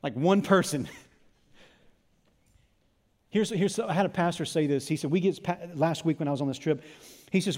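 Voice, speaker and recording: A man preaching a sermon in church, impassioned, dropping to a hush and then rising to loud emphasis. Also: a little high, fast talker. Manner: impassioned, swings from hushed to loud. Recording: long reverb of a church hall.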